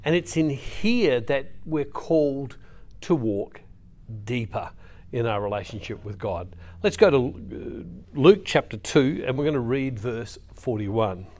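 A middle-aged man preaching, reading scripture and telling a family story with slow, emphatic pauses. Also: mid-range voice, animated, a little mellow. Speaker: Catholic preacher.

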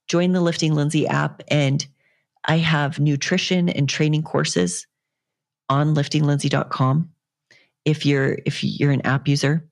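A young adult woman, a fitness coach, rambling earnestly and encouragingly in a casual solo podcast monologue. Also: deep voice.

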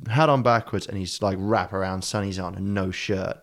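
A man's voice: sits low, fairly even intonation, normal speed. A man co-hosting a podcast, telling folklore in a rambling, improvised, swearing comic style. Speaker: podcast co-host. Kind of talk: casual comedic chat.

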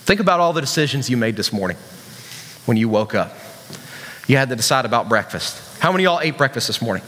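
A man's voice: on the high side, pushed and bright, big-room sound. A man preaching a casual sermon to young people, joking and asking the crowd questions. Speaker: youth pastor.

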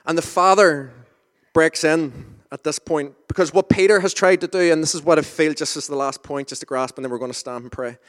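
A man's voice: fairly high pitch, a little fast, fairly bright tone. A man preaching an informal sermon in a conversational, self-deprecating way, with asides and restarts. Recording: reverberant hall.

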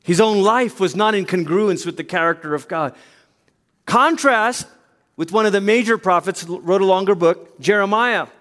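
Speaking at a moderate pace, a male pastor gives a lively sermon and performs the quotes within his stories. His voice is high for a man, and each phrase is followed by a long reverb from the church hall.

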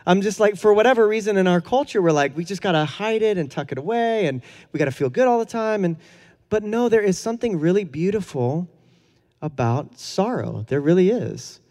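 A man's voice: sits high, animated, a little fast, a little mellow, big-room sound. A man preaching a conversational sermon in a casual, earnest way, with fillers and chuckles. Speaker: pastor.

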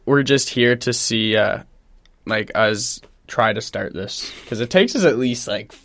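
Man, mid-pitched voice, podcast co-host, casual chat, rambling, swears a lot, restarts sentences. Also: measured pace, a bit bright. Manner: rambling, swears often, self-interrupting.

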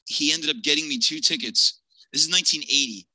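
A man in his fifties from Pennsylvania, telling a personal tale as a podcast guest with lively energy and voicing each person in it himself. His voice is very bright and forward, recorded dry and close. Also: on the high side, fairly quick, dry recording, rough recording. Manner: animated, acts out the people in his story. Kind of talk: personal storytelling.

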